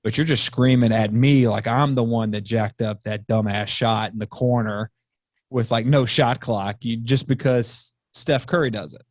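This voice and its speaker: A man, a high school football coach, talking bluntly and swearing freely as a podcast guest over a remote call. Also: fairly even intonation, moderate pace, dry recording, studio quality. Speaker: football offensive coordinator, guest. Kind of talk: casual podcast chat.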